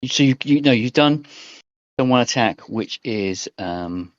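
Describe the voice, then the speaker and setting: A man's voice: mid-range voice, expressive, a little slow, dry recording. Game master voice, male, hesitant ums, dry muffled online call. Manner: hesitant, full of ums and rule checks. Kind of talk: narrating a tabletop game. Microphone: voice call headset. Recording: dry, slightly dull online call audio.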